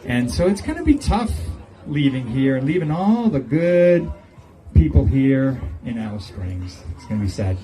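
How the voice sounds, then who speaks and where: A man's voice: medium pitch, very animated, normal speed, warm tone, faint music behind, poor audio. An older man giving a humorous farewell speech on an outdoor patio, telling jokey stories and chuckling at his own punchlines. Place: outdoor golf club patio.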